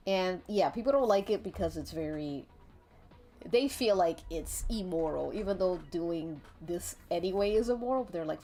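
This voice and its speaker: Animated, giggly woman streamer. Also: lowish voice, moderate pace. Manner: rambling, giggly, swears casually. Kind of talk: casual chat while drawing on stream. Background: faint background music.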